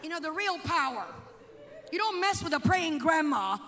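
A very high-pitched woman preaches and tells a story, dropping to hushed asides and then rising to shouts. Her voice rings with the long reverb of a church sanctuary. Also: moderate pace. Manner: dramatic, swings from hushed to shouting. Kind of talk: sermon with storytelling.

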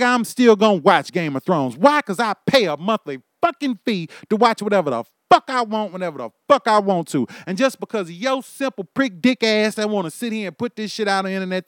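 A man's voice: sits high, animated, a little fast, few pauses, a bit bright, no echo, clean studio sound. A man hosting his own show, delivering a heated, profane comedic rant. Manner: heated, profane, ranting with bursts of laughter. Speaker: podcast host.

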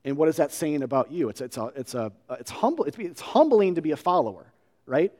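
A male pastor preaching a sermon in a conversational, halting way, often restarting his sentences. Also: fairly high pitch, very animated, dark tone. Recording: long hall reverb.

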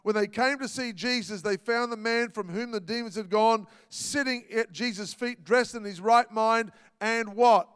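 A man preaching a sermon, animated and dramatic. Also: sits high, moderate pace, hardly any pauses, clear, resonant tone, dry recording, studio quality, long reverb tail. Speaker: pastor.

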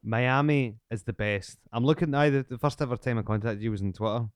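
A man who talks quickly in a smooth, crisp voice, recorded dry and close. He hosts a podcast with a cheeky, sweary, teasing manner. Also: medium pitch, no echo. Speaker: podcast host. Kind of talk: casual podcast chat.

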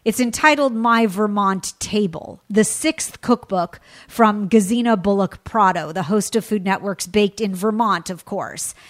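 A woman's voice: medium pitch, a little slow, few pauses. Effusive woman hosting a radio food show. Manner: effusive, gushing.

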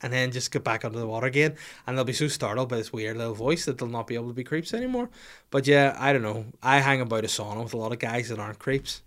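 A man's voice: medium pitch, fast, a bit bright. A man hosting a casual podcast, answering listener questions in a rambling, profane, jokey way. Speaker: podcast host.

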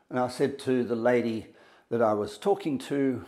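Male motivational speaker, mid pitch, dramatic pauses, acts out dialogue. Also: darkish tone. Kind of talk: storytelling talk to an audience.

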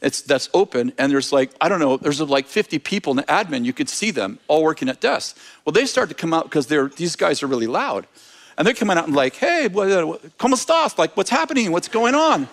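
A man preaching, telling a long anecdote in a lively, animated way with frequent restarts and self-corrections. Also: on the high side, brisk. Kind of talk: storytelling sermon.

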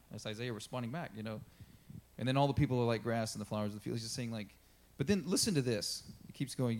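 A man preaching in a relaxed, chatty way, full of "you know" and "like." When he reads scripture, his voice climbs higher and gets louder, then drops back to easy talk. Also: fast talker. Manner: conversational preaching with fillers, rises when reading scripture. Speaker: pastor. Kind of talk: sermon.

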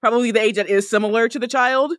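A woman's voice: on the high side, steady tone, racing, fairly bright tone, dry recording, clean studio sound. A woman co-hosting a podcast, chatting casually about a TV show with wry, sarcastic asides. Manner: wry, sarcastic asides, laughs at her own jokes. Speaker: podcast co-host.

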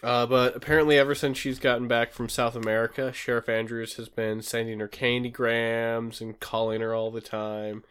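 A man with a mid-pitched voice casually recaps a TV episode for a podcast. He rambles through the plot with frequent ums and uhs. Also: flat delivery, normal speed, few pauses, fairly bright tone, clean tone. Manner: rambling recap with many fillers. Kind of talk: casual chat.

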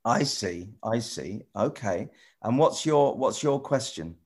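A man presenter chatting with children in a casual video call, rambling and restarting often, gentle and encouraging. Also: medium pitch, animated, slow, breathy edge. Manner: rambling, stop-start, many repeated "you know". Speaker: TV presenter answering children's questions.

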